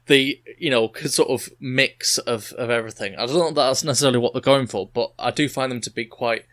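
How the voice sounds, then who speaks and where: Chatty young man, mid-pitched. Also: fairly quick, a bit bright. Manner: hesitant, chatty, with stammered restarts. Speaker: podcast co-host. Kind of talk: casual chat.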